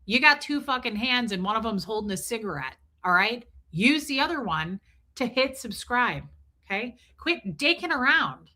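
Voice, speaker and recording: A woman streaming live in a casual, blunt way, with swearing sprinkled through her chat. Her voice sits a little high and sounds bright and forceful. She talks straight to her viewers and thanks them as she goes. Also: lively intonation, moderate pace. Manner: blunt, profane, chatty, reads and thanks viewers' super chats. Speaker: livestream host. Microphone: streaming mic.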